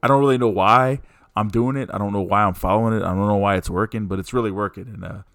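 A man's voice: lowish voice, fairly even intonation, fast talker, gravelly, fairly bright tone, dry recording, clean studio sound. A man hosting a casual podcast, talking in an easygoing, rambling way with lots of fillers. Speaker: podcast host.

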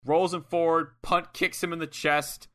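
Bright-voiced man recapping a match. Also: a little high, flat delivery, normal speed. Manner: swears freely, recaps match play by play. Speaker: podcast co-host. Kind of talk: casual wrestling review chat.

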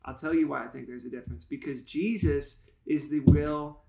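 High-voiced pastor teaching with playful energy. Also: male voice, steady tone, normal speed, gravelly, dark tone, a little hiss or hum. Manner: playful, enthusiastic teacher who jokes and explains. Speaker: pastor and podcast co-host. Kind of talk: casual Bible teaching chat. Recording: roomy echo.

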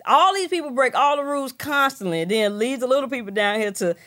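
A woman's voice: high voice, fast talker. A young adult woman co-hosting a podcast, ranting in profane, laughing casual chat. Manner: profane, animated, laughing through rants. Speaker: podcast co-host.

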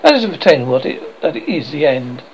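A man's voice: a little high, big pitch swings, moderate pace, lo-fi sound, a little hiss or hum. A man voicing a brash, boastful boy who leads the others.

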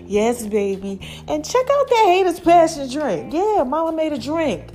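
A high-voiced, middle-aged woman hosts her own podcast in a loose, chatty monologue. She bounces between slang, laughter and shout-outs to her listeners. Faint music plays under her voice. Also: very animated, measured pace. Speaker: podcast host. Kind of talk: casual solo podcast monologue.

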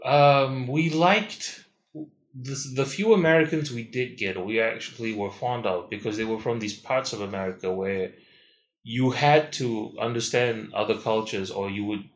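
A man's voice: medium pitch, normal speed. A man hosting a casual comedic chat, loose and joking, now and then slipping into mock voices. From Malaysia. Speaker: podcast host. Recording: echoey room.

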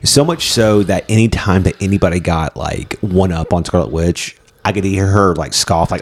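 A man in casual chat about a movie, talking fast and bluntly, rambling and swearing freely. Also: low voice, slightly rough.

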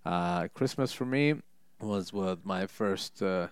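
A man's voice: low voice, slow, clear, resonant tone, no echo. A young man chatting casually, telling rambling, joking stories full of fillers and restarts. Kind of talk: casual storytelling chat.

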